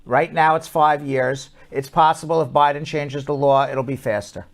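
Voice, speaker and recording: A man with a New York accent, an immigration lawyer hosting a call-in advice show, brisk and reassuring. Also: on the high side, fairly even intonation. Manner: brisk, reassuring, talks over callers.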